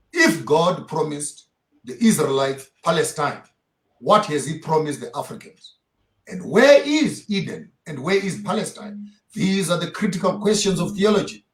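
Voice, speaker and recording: A man's voice: a little high, echoey room. A man being interviewed as a theologian, lecturing emphatically and firing off rhetorical questions. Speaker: theologian guest. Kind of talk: impassioned interview talk.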